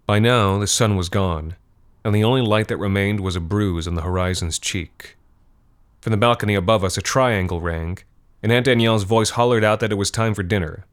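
A man narrating a dark short story in a measured, steady storytelling manner. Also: on the low side. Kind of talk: scripted horror fiction narration.

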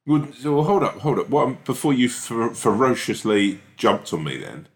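A man's voice: mid-range voice, animated, normal speed. A young man co-hosting a podcast in casual chat, teasing and laughing often. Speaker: podcast co-host.

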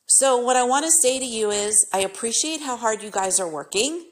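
A woman's voice: sits high, normal speed. A middle-aged woman from California hosting a podcast, venting her frustration in an emphatic, exasperated rant. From California, United States. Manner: exasperated, emphatic, repetitive complaints. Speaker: podcast host.

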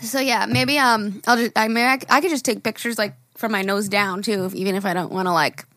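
A woman's voice: medium pitch, steady tone, a little fast, pushed and bright. A young woman co-hosting a podcast, telling stories in a chatty casual way with frequent laughs and casual swearing. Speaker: podcast co-host. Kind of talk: casual chat.

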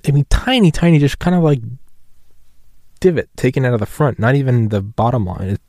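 A man's voice: mid-range voice, animated, brisk, a little mellow, no room sound, clean studio sound. Rambling, profane male podcaster. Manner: rambling, profane, self-mocking. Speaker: podcast host. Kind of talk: solo podcast rant.

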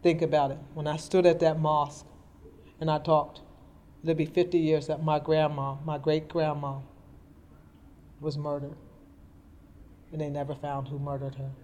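A woman's voice: low-pitched, flat delivery, normal speed, long pauses, a little mellow, slight background noise. Middle-aged woman guest, plainspoken and earnest storyteller. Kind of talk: personal storytelling in conversation. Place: indoor interview. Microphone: podcast mic.

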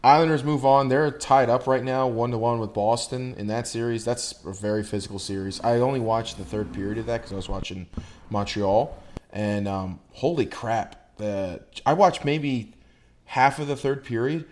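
A man's voice: medium pitch, normal speed, a little mellow. A man co-hosting a podcast, talking casually and rambling with fillers. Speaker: podcast co-host. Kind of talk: casual sports chat.

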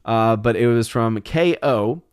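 A man's voice: mid-range voice, unhurried, smooth, dry recording, clean studio sound. A man hosting a casual livestream, reading viewer comments aloud and answering them with amused, chatty asides. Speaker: livestream host reading chat.

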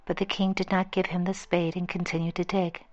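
A woman's voice: fairly low pitch, level tone, brisk, muffled recording. A woman steadily reading a fable aloud as its storyteller.

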